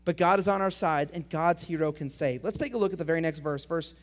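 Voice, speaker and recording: A young adult man preaching to middle schoolers as their pastor, energetic, swinging between loud emphatic lines and quiet intense questions. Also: fairly high pitch, quick pace. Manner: reads scripture aloud, asks students direct questions. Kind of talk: youth sermon.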